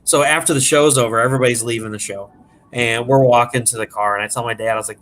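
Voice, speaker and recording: Bright-voiced man telling a prank story. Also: medium pitch, fast, slight background noise. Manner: animated, profane, laughs at his own story. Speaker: guest. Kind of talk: casual storytelling.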